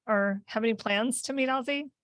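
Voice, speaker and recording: A woman co-hosting a podcast interview, chatty and quick to laugh. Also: on the high side, a bit bright, a little hiss or hum. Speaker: podcast co-host. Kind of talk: casual interview chat.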